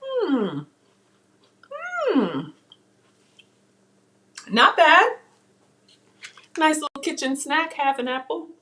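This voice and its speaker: A woman's voice: high-pitched, sing-song, extremely slow, pauses often, sharp tone. A woman hosting a live home cooking class, chatty and self-teasing as she talks to viewers from her kitchen. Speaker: cooking show host.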